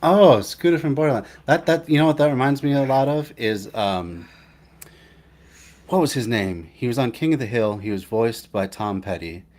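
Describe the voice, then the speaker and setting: A young man hosting a live stream, chatting casually in a rambling, halting way, with many restarts and fillers. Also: medium pitch, a little mellow. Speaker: livestream host.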